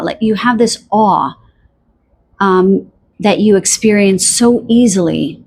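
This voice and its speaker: A woman giving a pick-a-card tarot reading, talking softly and dreamily to the listener, with many fillers, pauses and restarts. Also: mid-range voice, breathy edge. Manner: addresses the listener directly. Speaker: tarot reader.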